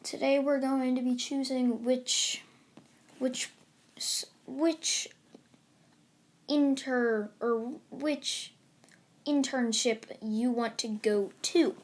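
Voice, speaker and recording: A weary male teacher from an anime fan story, blunt and deadpan, voiced by a woman. He stumbles over words at a slow pace. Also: high-pitched.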